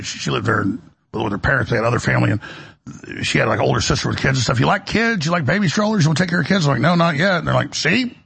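A middle-aged male radio host with a gravelly, raspy voice, delivering a preachy, impassioned monologue and acting out the voices he quotes. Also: medium pitch, fairly bright tone.

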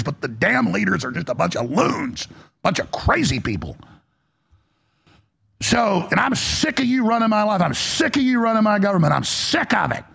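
A male political commentator ranting in an exasperated, profane monologue. His voice is strongly gravelly and a bit husky, pitched high with wide, lively swings.

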